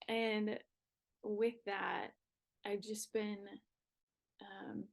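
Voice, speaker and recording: A young woman, a podcast guest, talking in a relaxed, reflective way about faith and new motherhood. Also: medium pitch, very slow, creaky, rough recording. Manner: reflective, talks with her hands. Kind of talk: casual faith talk.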